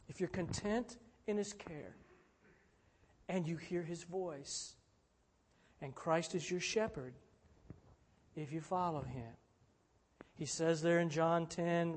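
A man preaching a sermon in measured phrases, swelling to emphatic peaks and then dropping low and soft. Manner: slow, measured phrasing with repeated refrains.

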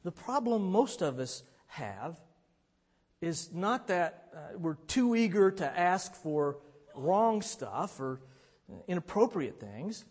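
High-voiced preacher in a reverberant hall. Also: male voice, slightly rough. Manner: conversational preaching, bursts into shouts when retelling scenes. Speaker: pastor. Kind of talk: sermon.

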